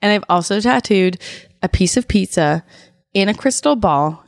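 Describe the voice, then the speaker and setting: A woman's voice: medium pitch, lively intonation, normal speed, creaky, dry recording. Tattoo artist lady chatting, lots of giggles and cussing, dry sound. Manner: giggly, swears a lot. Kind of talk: casual podcast chat.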